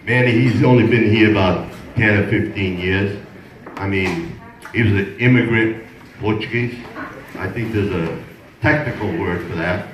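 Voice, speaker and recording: A man's voice: fairly low pitch, a little slow, background noise. An older man doing stand-up, telling rambling stories in a conversational way and laughing at his own jokes. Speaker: stand-up comedian. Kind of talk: stand-up storytelling. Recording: roomy echo, distant mic, loud room ambience.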